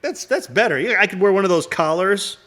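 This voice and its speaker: A man in loose, casual conversation, slightly higher-pitched than most men. He rambles from one riff to the next, swears freely and laughs a lot. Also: lively intonation, a little fast, pushed and bright. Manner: rambling, laughing, profane riffs. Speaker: host. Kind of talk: casual chat.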